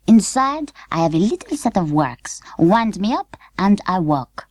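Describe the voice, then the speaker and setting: A woman's voice: medium pitch, sing-song, unhurried, no echo, clean studio sound, pitched above the performer's own voice. A woman voicing a vain walking doll with a French accent, speaking in a prim, scornful manner with French phrases mixed in. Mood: haughty.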